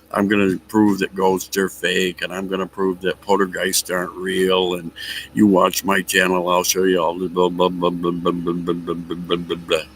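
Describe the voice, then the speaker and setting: Deep-voiced man rambling on a casual stream. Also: a bit bright, a little hiss or hum, poor audio. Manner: rambling, chuckling often. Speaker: livestreamer chatting with viewers. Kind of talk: casual storytelling chat. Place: outdoors at a picnic table in a yard. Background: faint outdoor ambience, dogs nearby.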